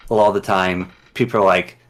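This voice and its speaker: Low-voiced Northwestern Canadian man chatting. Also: steady tone, fast talker. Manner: rambling, lots of ums and restarts. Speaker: guest. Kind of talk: casual interview chat.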